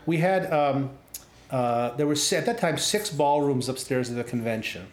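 Man, casual anecdote, animated, laughing storyteller, roomy echo. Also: mid-range voice, moderate pace. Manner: animated, laughs while telling. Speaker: storytelling guest. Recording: echoey room.

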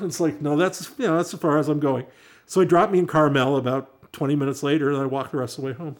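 A man telling a story in casual chat, animated and acting out the voices of the people in it. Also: fairly high pitch, fast. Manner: animated, acts out quoted voices.

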